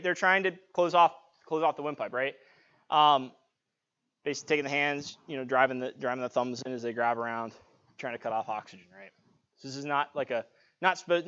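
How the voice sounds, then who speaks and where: A man with a fairly high voice leads a live-streamed self-defense class, talking casually and checking in as he demonstrates. He wears a clip-on mic, and the audio is dull and lo-fi. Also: bright, forceful tone. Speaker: martial arts instructor. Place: martial arts studio. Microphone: clip-on mic, sometimes knocked off.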